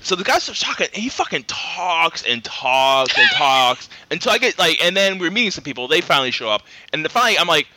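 A man with a bright, ringing voice that swings widely up and down as he tells rambling stories among friends. He laughs often and acts out the lines of the people in his tales. The sound is dry and close, with no room around it. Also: fairly high pitch, sing-song, fairly quick, hardly any pauses, no echo. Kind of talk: casual storytelling chat.

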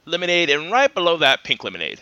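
A man's voice: on the high side, wildly swooping pitch, fast, pushed and bright, clean tone, no echo, lo-fi sound. A man co-hosting a podcast in casual chat, blunt and swearing casually. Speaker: podcast co-host.

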